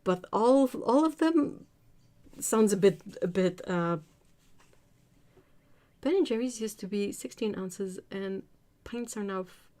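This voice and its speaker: A woman's voice: medium pitch, slow pace, pauses often, mellow. A woman from Britain hosting a casual art livestream, reading viewer comments aloud, chatting and laughing often. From United Kingdom.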